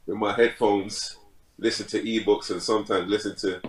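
Laid-back young man, low voice. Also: fairly even intonation, normal speed, echoey room, poor audio. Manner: laid-back, laughs often, says "bro" a lot. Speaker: podcast guest, fitness content creator. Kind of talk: casual chat.

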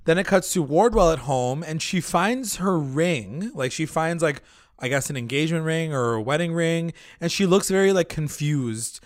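A man's voice: a little high, expressive, moderate pace, no echo, clean studio sound. A man co-hosting a casual chat show, loosely retelling an episode with plenty of filler words. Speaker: podcast co-host.

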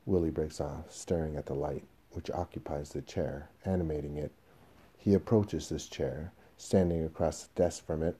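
A man quietly reading a play's stage directions in a husky, measured voice. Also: very deep voice. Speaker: reader of a play.

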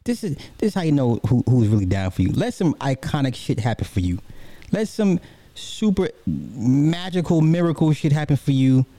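Man, reaction commentary, heated and profane, very dark tone, dry close sound. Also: medium pitch, very animated, normal speed, no room sound, faint music behind.

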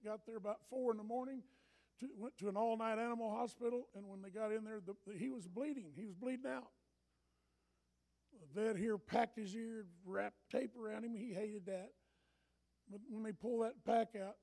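Older male pastor, high gravelly voice, storytelling sermon that swings from soft to loud.

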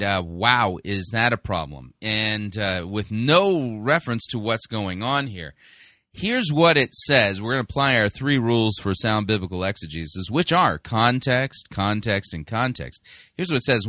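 A male podcast host reviewing a sermon in a conversational way, full of fillers, slowing down to stress key words. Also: fairly low pitch, sharp tone, no room sound, studio quality.

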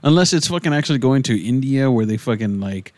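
A man's voice: medium pitch, expressive, fast talker, darkish tone, no echo. A man co-hosting a podcast, teasing his friend and rambling with plenty of swearing. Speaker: podcast co-host. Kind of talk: casual podcast banter.

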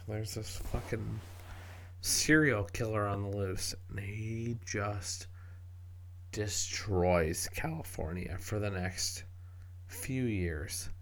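A man's voice: lowish voice, slow. A man talking casually about a music track, rambling and profane, with frequent restarts and swearing. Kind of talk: casual spoken commentary.

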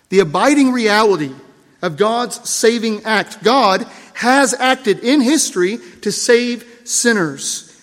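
Slow, high-voiced preacher in a reverberant church. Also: male voice, fairly bright tone. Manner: emphatic, measured preaching with repeated phrases and dropping cadences. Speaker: pastor. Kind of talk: sermon. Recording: long reverb of a church hall.

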